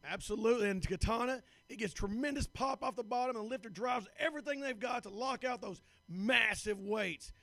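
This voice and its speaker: High-pitched hoarse male announcer. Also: fairly quick, hardly any pauses, a bit bright, no echo. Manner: upbeat, eager, keeps affirming with "absolutely". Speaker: event announcer and interviewer. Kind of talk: live event interview. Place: at a live powerlifting meet.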